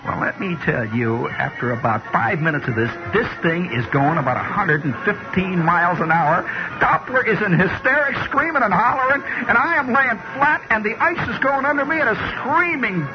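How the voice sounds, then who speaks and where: A man telling a long story on the radio in a folksy, animated way, building up to shouts. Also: sits high, normal speed, over music. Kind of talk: spoken storytelling monologue. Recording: dull, hissy radio recording.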